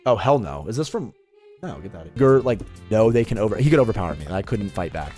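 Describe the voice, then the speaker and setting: A man's voice: fairly low pitch, big pitch swings, fast talker, warm tone, soft background music. A young adult man streaming a game and telling a story in a casual, profane, rambling way. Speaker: gaming streamer. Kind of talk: casual storytelling while gaming.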